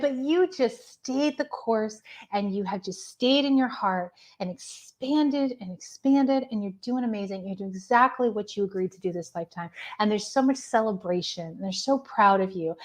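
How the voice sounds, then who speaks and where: A woman giving gentle, affectionate channeled readings on a live stream. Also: mid-range voice, expressive, moderate pace. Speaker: spiritual medium giving readings.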